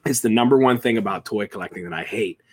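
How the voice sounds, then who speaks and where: A man, a toy collector and interview guest, telling stories in an animated, self-deprecating, rambling way. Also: fairly low pitch, fast talker. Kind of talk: casual interview storytelling.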